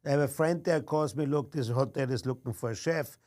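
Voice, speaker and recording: A man's voice: medium pitch, fairly quick, darkish tone. A man in his sixties from Austria, speaking with an Austrian accent and recounting his chef career in short, clipped phrases. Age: 60s. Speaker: chef and restaurant owner. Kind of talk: interview answers.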